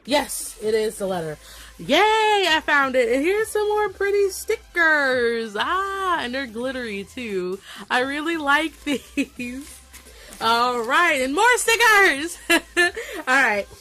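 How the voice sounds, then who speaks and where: A young woman with a slight Southern country accent, unboxing a gift package in a casual vlog and gushing over each item with excited exclamations. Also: high voice, slow.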